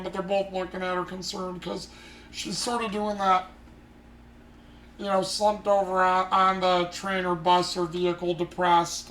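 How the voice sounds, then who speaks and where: A man's voice: high-pitched, fairly bright tone. Rambling man recapping an anime, echoey room. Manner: rambling, many fillers and restarts. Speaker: podcast host. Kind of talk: casual anime recap chat. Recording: roomy echo.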